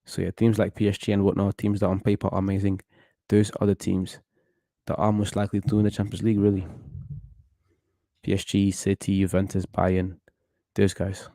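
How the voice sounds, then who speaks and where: Low, mellow-voiced man commenting on football. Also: completely flat delivery, fairly quick, vocal fry, no room sound. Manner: chatty, opinionated, thinks aloud with restarts. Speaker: football watchalong host. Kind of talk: casual live match commentary.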